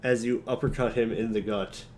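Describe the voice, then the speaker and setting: A man narrating as game master of a tabletop game, calmly explaining rules and reacting with dry remarks. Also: medium pitch, moderate pace, background noise.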